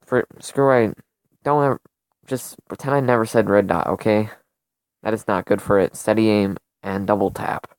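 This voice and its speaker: A man's voice: lowish voice, vocal fry, a little mellow, clear, resonant tone, no echo. Casual young man rambling through stats. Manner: rambling, self-correcting, lots of fillers. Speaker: gaming channel host. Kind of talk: casual gun comparison commentary. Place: home room during a thunderstorm.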